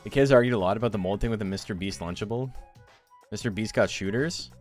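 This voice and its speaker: Young man, low voice, rambling casual stream chat, filler-heavy, laughs a lot, faint music behind. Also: quick pace, darkish tone. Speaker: streamer and game tournament host.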